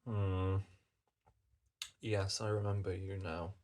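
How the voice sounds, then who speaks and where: A man's voice: sits low, flat delivery, takes it slowly, darkish tone. A British man chatting casually as a coffee reviewer, rambling along and swearing in passing. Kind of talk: casual chat.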